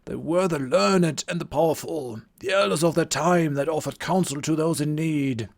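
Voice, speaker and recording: A man voicing an eccentric old male druid hermit with a strained, reedy old voice, rambling slowly and condescendingly. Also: a little high, gravelly.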